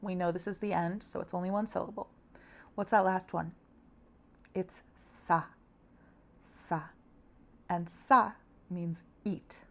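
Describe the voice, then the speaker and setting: A young woman teaching a language lesson, patient and encouraging, sounding out syllables slowly. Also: lowish voice, steady tone, vocal fry, a bit bright. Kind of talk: friendly scripted lesson.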